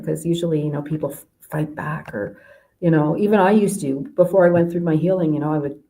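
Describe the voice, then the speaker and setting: Guest spot: a low-pitched woman coach from Canada, rambling and chatty, full of fillers and restarts. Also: moderate pace, mellow, low-quality recording. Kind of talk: casual interview chat.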